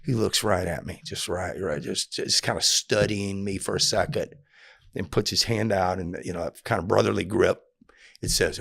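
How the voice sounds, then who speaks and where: A man telling a story from his time in prison in a casual interview, dropping low and quiet when he quotes others. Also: moderate pace, gravelly, husky.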